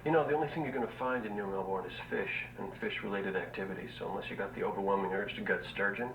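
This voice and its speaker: An actor playing a dry, sarcastic ship captain with a deadpan delivery, in a clip from a TV drama. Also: male voice, lowish voice, quick pace, far from the mic, muffled recording, a little hiss or hum, lightly acted. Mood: wry. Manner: wry, deadpan. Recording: echoey TV clip with music.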